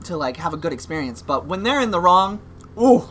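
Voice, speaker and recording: There's slight background noise as a young man with a slightly high voice co-hosts a casual podcast at a quick pace. He tells a story from work with lots of acted-out quotes, laughing often as he goes.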